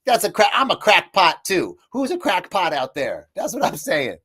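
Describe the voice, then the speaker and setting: A man hosting an inspirational live talk, telling stories in an animated way and laughing easily. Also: high voice, normal speed, slight background noise. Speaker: host.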